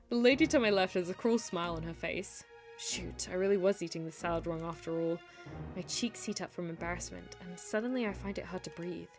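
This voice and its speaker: A young woman streamer reading a story game aloud, animated, laughing and breaking off to comment. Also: lowish voice, brisk, soft background music.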